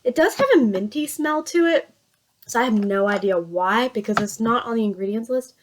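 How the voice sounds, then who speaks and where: A woman's voice: on the high side, moderate pace, a little hiss or hum. A chatty woman from Virginia with a Southern drawl, talking casually through her makeup routine and often poking fun at herself. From Virginia, USA. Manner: chatty, self-mocking, laughs often. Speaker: beauty vlogger.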